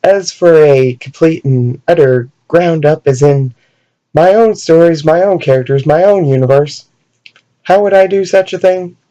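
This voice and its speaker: Brief: a man with a slightly high voice, hosting a comedy vlog, punning and self-mocking. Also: unhurried, warm tone, lo-fi sound. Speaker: video host.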